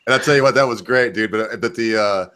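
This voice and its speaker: Brief: crude stream host, a man with a lowish voice. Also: fast talker, sharp tone, clean tone. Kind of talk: casual chat.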